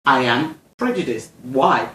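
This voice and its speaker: A woman's voice: very deep voice, animated, a little slow, fairly bright tone, reverberant, a little hiss or hum. A woman from France with a French accent, talking in a casual discussion and often searching for her words. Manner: hesitant, searching for words, many restarts.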